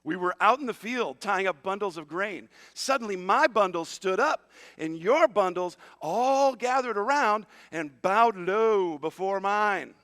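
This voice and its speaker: A man's voice: high-pitched, expressive, a little slow, few pauses, a bit bright, big-room sound. A man doing a bragging little brother. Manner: showing off, bragging. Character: boastful young little brother bragging about a dream.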